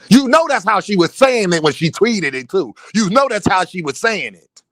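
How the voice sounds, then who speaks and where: A man riffs with his livestream chat, joking, swearing and laughing as he goes. His voice sits high and swings widely in pitch, and the sound is dry and close, with no room in it. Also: moderate pace, no room sound. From Philadelphia. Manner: animated, joking, profane, laughs often. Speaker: boxing livestream host. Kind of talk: casual livestream banter with chat. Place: home streaming setup.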